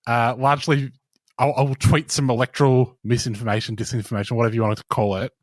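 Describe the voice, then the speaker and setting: A man's voice: mid-range voice, level tone, fast talker, no echo. A man with an Australian accent hosting a podcast, talking in a joking, rambling way as he tells stories. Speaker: podcast host. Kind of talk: casual chat.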